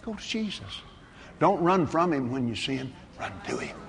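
A man preaching a sermon, moving between hushed tones and exuberant shouting. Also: on the high side, animated, normal speed, gravelly, slight background noise. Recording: reverberant hall, faint ambience.

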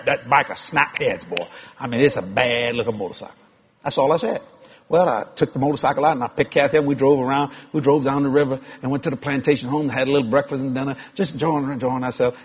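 A man preaching a sermon, telling stories in a folksy, animated way with laughing asides and bursts of loud emphasis. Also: mid-range voice, breathy edge. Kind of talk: storytelling sermon. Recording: muffled lo-fi sermon recording.

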